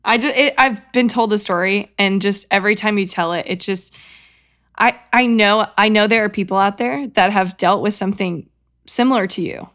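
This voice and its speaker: A woman's voice: medium pitch, moderate pace, fairly bright tone. A woman hosting a podcast, speaking effusively and emotionally, heaping praise on her guest, her voice tearful at times. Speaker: podcast host. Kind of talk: podcast interview.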